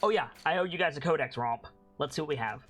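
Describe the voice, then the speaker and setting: Chatty game streamer, mid pitch. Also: animated, quick pace, fairly bright tone, faint music behind, rough recording. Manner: chatty, reads game text aloud. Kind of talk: casual game commentary.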